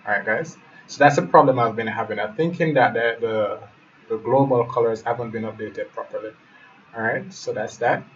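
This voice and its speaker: A man with a medium-pitched, fairly bright voice teaches web design in a live screen-share tutorial, thinking out loud and often addressing viewers as "guys." The recording is muffled, with a distant mic and faint hiss.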